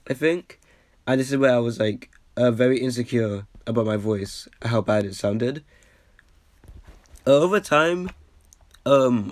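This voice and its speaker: A man's voice: mid-range voice, no room sound. A slightly sick man giving casual commentary as he reacts to his own old video, rambling with lots of fillers and restarts and poking fun at himself. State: a bit sick.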